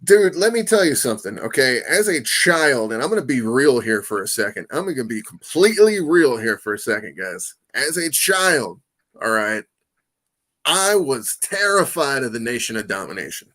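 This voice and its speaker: A male podcast host in casual conversation with a guest, excitable and animated. His voice sits at an ordinary middle pitch, with loud bursts of enthusiasm between quieter asides. He keeps checking in with his listener as he talks. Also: moderate pace. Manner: peppers talk with "man" and "you know what I mean". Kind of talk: casual interview chat.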